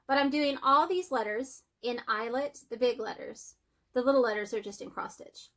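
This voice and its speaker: A woman chatting excitedly about her cross-stitch projects in a casual home vlog, speeding up when enthusiastic. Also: a little high. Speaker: cross-stitch vlogger and teacher. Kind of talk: casual show-and-tell vlog.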